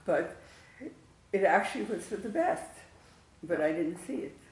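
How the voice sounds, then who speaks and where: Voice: mid-range voice, expressive, a little slow. A congregant sharing a personal story during a class, speaking in an earnest, reflective way. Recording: distant mic in a very echoey room with faint ambience.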